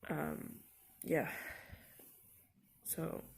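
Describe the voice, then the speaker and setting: A young woman vlogging into her phone from home, tired, congested and anxious, talking in halting bursts with sighs. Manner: halting, sighing, soft and shaky. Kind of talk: casual vlog talk. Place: indoors at home, lying down. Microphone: phone camera held close.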